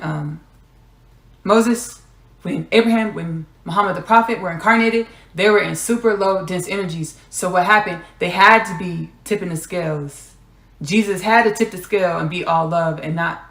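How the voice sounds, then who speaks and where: Woman host, low gravelly voice, channeling monologue with repeated lines and drifts into whispers. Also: fairly bright tone, roomy sound. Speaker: podcast host.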